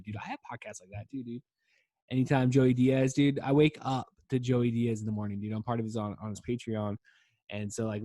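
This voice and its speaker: A man's voice: mid-range voice, no room sound, studio quality. A man in his thirties hosting a podcast, rambling casually while stoned, laid-back and profane, saying "dude" all the time. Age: 30s. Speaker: podcast host.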